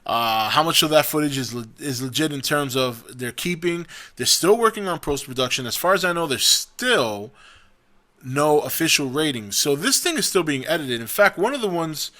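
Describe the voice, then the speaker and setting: A man's voice: on the high side, animated, normal speed, bright, forceful tone. A young man hosting a casual opinion vlog, talking in a rambling, chatty way with frequent restarts and self-corrections. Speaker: vlog host.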